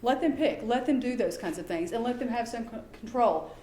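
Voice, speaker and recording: Lively middle-aged woman lecturing in an echoey room. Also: on the high side, a little fast, a little hiss or hum. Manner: lively, acts out quoted exchanges in voices. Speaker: behavior specialist. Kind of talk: conference lecture. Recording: echoey room, faint background ambience.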